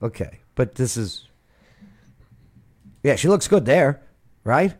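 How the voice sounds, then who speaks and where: Male host, lively swinging delivery, casual jokey banter. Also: mid-range voice, takes it slowly. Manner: joking, rambling, with laughs and restarts. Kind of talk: casual reaction chat.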